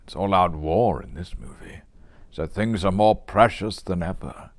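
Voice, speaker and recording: A man playing a calm, reassuring male companion in a comedy sketch, explaining things in a soothing way. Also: sits low, a little slow, dry recording.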